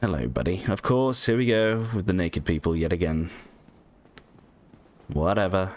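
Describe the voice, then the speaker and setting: Let's-play host: low-pitched man, rambly and animated, swears casually over gameplay. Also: moderate pace. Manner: rambling, lots of ums, casual swearing, self-mocking. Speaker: gaming channel host.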